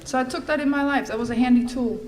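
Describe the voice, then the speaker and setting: A woman's voice: sits high, steady tone, fast, a little mellow. A middle-aged woman from the Netherlands, giving a candid, wry personal testimony as a speaker at a recovery meeting.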